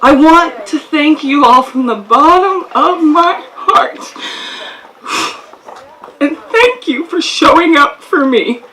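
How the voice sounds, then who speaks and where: A woman's voice: high voice, animated, slow, bright, forceful tone, a little hiss or hum, low-quality recording. A woman from Canada giving a heartfelt, storytelling speech at an outdoor field ceremony. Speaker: guest speaker.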